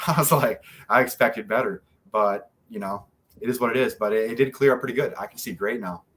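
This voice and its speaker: A man's voice: on the low side, fast talker, a bit bright, husky. An American man, a guest fighter, chatting casually on a podcast, laid-back, swearing freely and laughing often.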